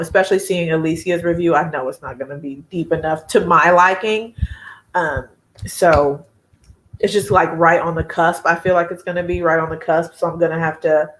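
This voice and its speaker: A woman's voice: lowish voice, slight background noise. Chatty woman hosting a live chat. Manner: chatty, laughs often, reads out viewer comments. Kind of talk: casual live-stream chat.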